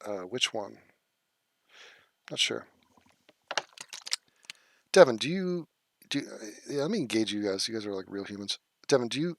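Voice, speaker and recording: A man's voice: mid-range voice, gravelly, a bit bright, slight background noise. A man hosting a casual livestream, reading chat comments aloud and answering them in a blunt, profane, scoffing way. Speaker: livestream host.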